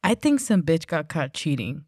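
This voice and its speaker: A woman's voice: deep voice, very animated, moderate pace, a little mellow, breathy edge, no room sound, studio quality. A woman co-hosting a casual podcast, telling a rambling story full of "like" and swearing. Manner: rambling, swears, heavy use of like. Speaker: podcast co-host.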